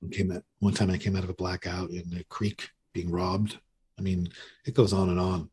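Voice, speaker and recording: A man's voice: low voice, little pitch movement, moderate pace, a little mellow, husky. A man in his fifties telling his recovery story in a candid, self-mocking way, full of restarts. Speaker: podcast guest. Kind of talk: recovery story told in casual conversation.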